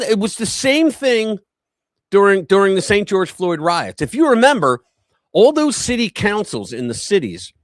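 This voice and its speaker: A male live-stream host breaks down the news in a blunt, heated, profane way. His pitch sits high and swings widely. The sound is close and dry, with no room echo.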